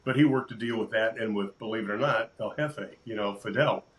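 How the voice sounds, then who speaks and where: An older sportscaster telling lively stories in a casual interview, acting out quotes and laughing often. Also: male voice, fairly low pitch, fairly quick, low-quality recording. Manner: animated storyteller, acts out quotes, laughs often. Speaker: sportscaster guest.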